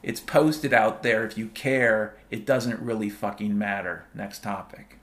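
A man's voice: mid-range voice, normal speed, few pauses, a bit bright. Rambling man over piano music. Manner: playful, wordplay and repetition, swears freely. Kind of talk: rambling monologue. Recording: piano music playing behind.

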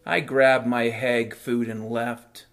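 A man delivering a rambling monologue, profane and sardonic, sliding into deadpan absurdist storytelling. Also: medium pitch, slow pace. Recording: faint piano music behind.

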